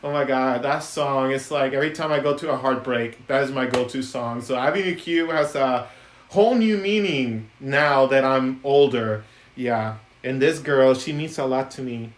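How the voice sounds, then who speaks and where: A man's voice: mid-range voice, normal speed. A man chatting casually on a live stream about puppets he made, giggly, with lots of ums and restarts. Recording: echoey room.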